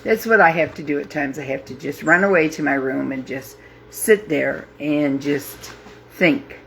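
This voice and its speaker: A woman in her fifties hosting a grief support group, talking live to viewers in a halting, heartfelt way with many pauses and fillers. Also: deep voice, gravelly, slight background noise. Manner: heartfelt, openly emotional. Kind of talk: live casual talk to viewers.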